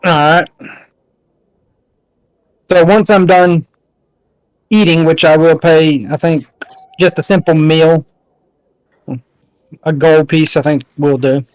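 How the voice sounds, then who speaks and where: Man, tabletop player, casual game talk, plain, deliberate, higher voice, dry sound. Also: steady tone, darkish tone, no room sound, rough recording. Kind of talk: in-character tabletop play, casual.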